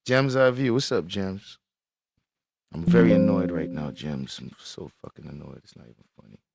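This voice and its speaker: A low-pitched man talks casually on a live stream, swearing in frustration and greeting people in the chat. His voice sits close to the mic with a dry, unechoing sound. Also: moderate pace, vocal fry, a little mellow, no echo.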